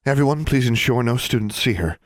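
A man's voice: mid-range voice, animated, brisk, no echo, clean studio sound, voice pushed up, close to an everyday voice. A man voicing a stern, cold female school dean who speaks in a clipped, commanding way.

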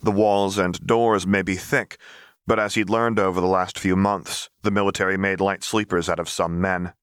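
A man calmly reading an audiobook as narrator, in an even, storytelling manner. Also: low-pitched, normal speed, clean tone, dry recording, clean studio sound. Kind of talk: scripted narration.

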